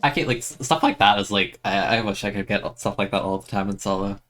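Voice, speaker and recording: A young man streaming a video game, chatting excitably and self-mockingly, often stammering and repeating words. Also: on the low side, fast. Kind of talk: casual gameplay commentary.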